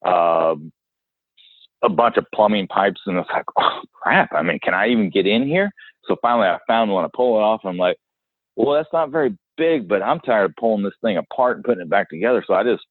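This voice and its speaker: Over a dry, phone-like line with no room sound, a man with a fairly low voice co-hosts a podcast. He works in dead animal removal and casually tells a gross story from the job, acting out the quotes as he goes.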